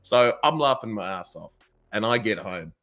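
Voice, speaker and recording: Bright-voiced man telling a story. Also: fairly low pitch, normal speed. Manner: animated, swears a lot, laughs often. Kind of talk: casual storytelling chat.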